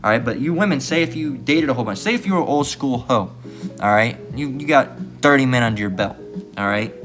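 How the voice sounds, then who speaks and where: A man holds forth in a blunt, profane preaching rant, swearing freely and punctuating nearly every point with a questioning "all right?". His voice sits at an ordinary middle pitch. A faint strain of music runs underneath him. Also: animated, a little fast, fairly bright tone. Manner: blunt, crude, repeats "all right?" constantly.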